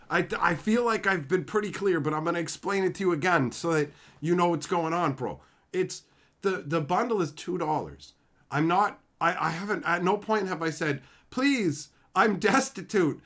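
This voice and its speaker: A man hosting a casual livestream, reading viewer comments and joking boastfully, calling viewers bro and son and swearing freely. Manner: lively swings in pitch and loudness, mock shouting. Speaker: livestream host.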